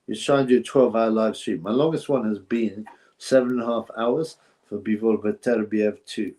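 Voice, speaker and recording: A man's voice: on the low side, normal speed, warm tone. A man hosting a casual boxing livestream, rambling and thinking aloud, thanking viewers for donations.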